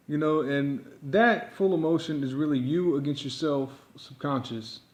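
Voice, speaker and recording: A man's voice: medium pitch, moderate pace, hardly any pauses, echoey room, phone-quality sound. A man teaching yodeling in a rambling, improvised monologue, filling his talk with constant fillers. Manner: rambling, packed with "you know" fillers.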